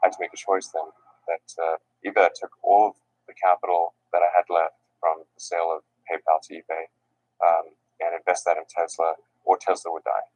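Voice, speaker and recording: Low husky man, halting interview talk. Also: level tone, a little mellow, no echo, poor audio. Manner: halting, repeats words, self-correcting. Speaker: interviewed entrepreneur. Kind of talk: reflective interview.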